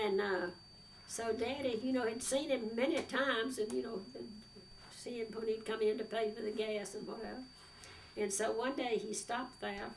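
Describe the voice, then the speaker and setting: An older woman telling a rambling, folksy story about her past, with frequent pauses and fillers. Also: on the high side, gravelly. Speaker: oral history interviewee. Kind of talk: storytelling reminiscence. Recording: distant mic with faint background noise.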